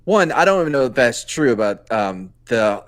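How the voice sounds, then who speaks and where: A man's voice: mid-range voice, normal speed. A man joking around as a guest on a casual podcast. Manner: joking, animated.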